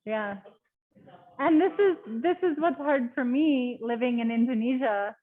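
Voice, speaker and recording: Woman, casual webinar talk, chatty with fillers, higher voice, thin call sound. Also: unhurried. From Canada. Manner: chatty, laughs often, lots of fillers. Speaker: guest speaker. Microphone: video call. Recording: tinny phone-like call audio.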